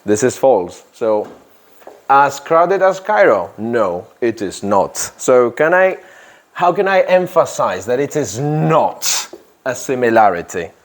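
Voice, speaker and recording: A man teaching an English grammar lesson in a classroom, speaking deliberately, stressing key words and quizzing his students. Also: medium pitch, big pitch swings.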